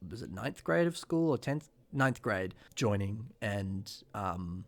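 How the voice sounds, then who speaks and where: A man in his twenties chatting casually as a podcast co-host, telling long rambling stories and acting out remembered quotes, clearing a rough morning throat. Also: fairly low pitch, very animated, takes it slowly. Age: 20s. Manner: rambling storyteller who acts out remembered quotes. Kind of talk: casual chat.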